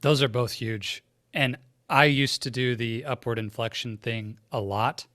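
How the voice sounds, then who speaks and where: A man's voice: mid-range voice, fairly even intonation, unhurried, a bit bright, no room sound, clean studio sound. A man hosting a podcast interview, speaking reflectively and conversationally and asking long, framing questions. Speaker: podcast host.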